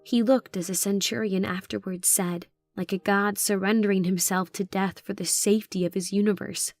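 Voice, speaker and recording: Woman reading as calm male witness, quiet, reverent, faint music behind. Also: mid-range voice, moderate pace, no room sound, natural voice. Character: calm male witness describing his master.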